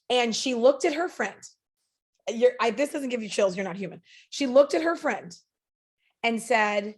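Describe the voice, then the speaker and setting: A woman's voice: a little high, moderate pace. A woman speaking as a podcast guest, telling a story in an earnest, emphatic, motivational way. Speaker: podcast guest, sales leader.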